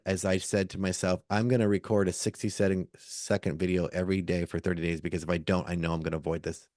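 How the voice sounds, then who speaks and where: Gravelly, lively middle-aged male book coach. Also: deep voice, dry recording, studio quality. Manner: lively, acts out quoted voices, laughs often. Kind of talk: animated storytelling advice.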